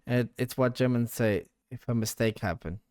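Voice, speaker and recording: A man's voice: mid-range voice, normal speed, a little mellow, clean tone. A young man giving playful, casual commentary as he ranks names, laughing often and swearing now and then. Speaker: YouTuber ranking names.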